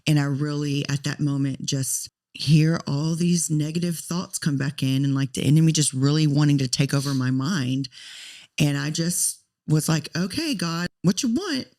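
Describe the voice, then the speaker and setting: A woman's voice: sits low, fairly even intonation, moderate pace, warm tone. A woman in her thirties co-hosting a podcast, telling a personal story in an earnest, talkative way. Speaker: podcast co-host.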